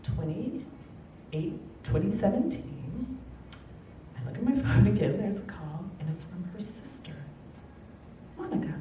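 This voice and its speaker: Animated woman telling a story in an echoey hall. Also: slow, long pauses. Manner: animated, emphatic, chatty asides to the audience. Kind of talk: live personal storytelling. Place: storytelling event stage. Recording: echoey hall, far from mic, rumbling noise.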